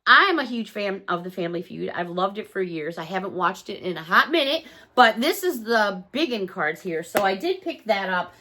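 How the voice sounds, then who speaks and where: Woman, gushing, chatty, bright, casual unboxing talk. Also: medium pitch, sing-song, normal speed, hardly any pauses. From Chicago, USA. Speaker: haul vlogger.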